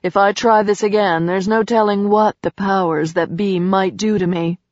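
A woman's voice: mid-range voice, fairly even intonation, moderate pace, no echo, natural voice. Woman doing a cool, commanding goddess. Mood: wry. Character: commanding, wry female goddess. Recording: slightly dull dry recording.

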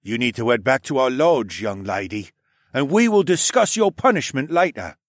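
A man's voice: mid-range voice, big pitch swings, moderate pace, dry recording, clean studio sound, pitched above the performer's own voice. A man voicing a stern, authoritative captain in an audiobook, speaking in a firm, scolding tone. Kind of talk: audiobook character voice.

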